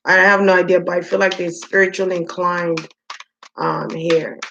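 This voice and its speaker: A woman with a lowish, fairly flat voice and vocal fry gives a relaxed spoken spiritual reading, captured on lo-fi audio with background noise. She muses in a drawn-out way and addresses the spirits head-on.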